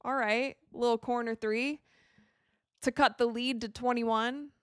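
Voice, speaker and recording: A woman's voice: fairly high pitch, fairly even intonation, a little slow, smooth, no echo, studio quality. A young woman hosting a live watch stream, chatting casually and reacting to the plays as they happen. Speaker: livestream host.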